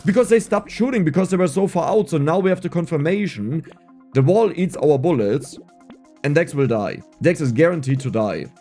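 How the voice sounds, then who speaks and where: A man giving casual gameplay commentary, excitable and laughing often, with a strained, scratchy voice. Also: a little high, normal speed, soft background music. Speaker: gaming YouTuber.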